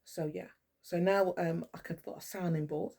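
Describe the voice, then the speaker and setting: Gravelly, husky woman vlogging. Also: lowish voice, fairly even intonation, normal speed, warm tone. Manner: blunt, swearing, restless. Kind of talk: rambling monologue to camera. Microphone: camera mic.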